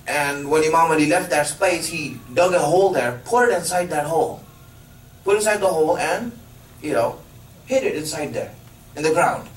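A man's voice: fairly high pitch, slight background noise. Preacher man in an echoey hall. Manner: halting, filler-heavy narration with emphatic questions. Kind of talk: sermon storytelling. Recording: echoey room from a distance.

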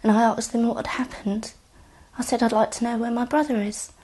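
A woman giving halting, quiet testimony about her brother, often dropping near a whisper and close to tears. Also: fairly high pitch, steady tone, a little hiss or hum. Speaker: bereaved sister giving testimony. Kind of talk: recounted personal testimony.

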